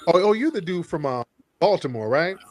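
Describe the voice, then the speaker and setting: A man hosting a livestream call-in, mocking callers in an animated, sarcastic way with sudden high exclamations. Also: brisk, no room sound, clean studio sound. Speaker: livestream host.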